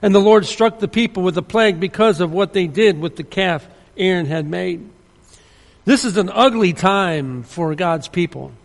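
Preacher, male, high gravelly voice, earnest and emphatic, long hall reverb. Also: normal speed. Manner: earnest, emphatic, with frequent restarts. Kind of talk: sermon.

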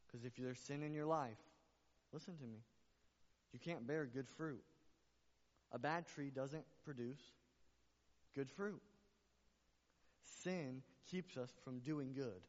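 Earnest male pastor preaching in a reverberant church. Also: medium pitch. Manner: earnest preaching, repeats phrases, rising to emphatic calls. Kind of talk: sermon. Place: church sanctuary. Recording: muffled sound with long hall reverb.

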